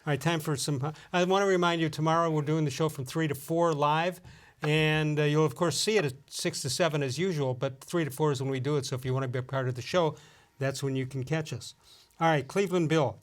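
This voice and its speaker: A man's voice: a little high, fairly even intonation, a little fast. A middle-aged man hosting a casual talk show, reading listener puns aloud in a jokey, chuckling way. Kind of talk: casual radio banter, reading listener jokes.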